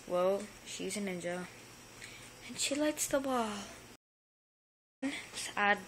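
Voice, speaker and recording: A woman's voice: mid-range voice, animated, slow pace, long pauses, a little hiss or hum, poor audio. A young woman filming her pets for a casual vlog, playful and giggly, talking to them in silly sound effects on a phone camera at home. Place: home indoors.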